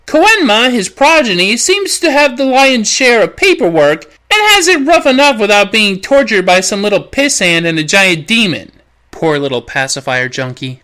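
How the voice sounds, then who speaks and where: A woman's voice: high-pitched, pushed and bright. A woman host narrating a snarky, profane comedic anime review.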